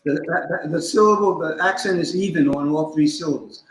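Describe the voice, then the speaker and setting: A man speaking as a guest scholar, explaining in a deliberate, instructive way and stopping to spell out terms. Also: on the high side, reverberant, rough recording. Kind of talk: teaching in a conversation.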